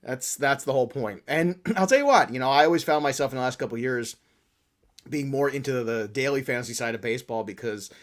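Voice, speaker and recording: A man co-hosting a sports podcast in casual, joking banter, often clearing his throat. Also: mid-range voice, animated, fast talker. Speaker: podcast co-host.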